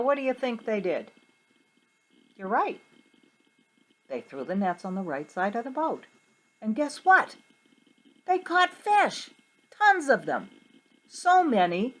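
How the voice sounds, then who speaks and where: A woman's voice: on the high side, sing-song, a little slow, pauses often, fairly bright tone. A middle-aged woman, a Sunday school teacher, telling a Bible story to children with questions and a sing-song delivery.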